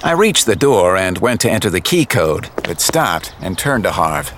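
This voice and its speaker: A man's voice: low voice, sing-song, normal speed, slight background noise. A man narrating a first-person detective audiobook in a wry, hard-boiled tone. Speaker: audiobook narrator and lead character.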